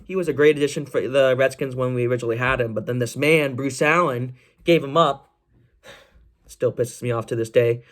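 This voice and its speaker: A young man talks through sports news on his own podcast at a mid-range pitch. He rambles loosely, restarts his sentences and fills pauses, then jumps up with excitement. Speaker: podcast host. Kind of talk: casual solo sports chat.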